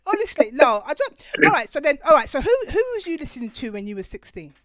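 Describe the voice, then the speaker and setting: A woman host chatting with her guests, gushing and emotional, laughing a lot and dropping to a soft, teary voice. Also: sits high, sing-song, fast. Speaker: show host. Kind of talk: excited live chat with guests. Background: music playing.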